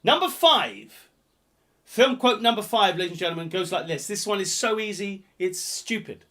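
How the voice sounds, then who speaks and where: Male quiz host, jokey, rambling, fairly high voice, loud then muttering. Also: expressive, moderate pace. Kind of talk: live-streamed pub quiz hosting.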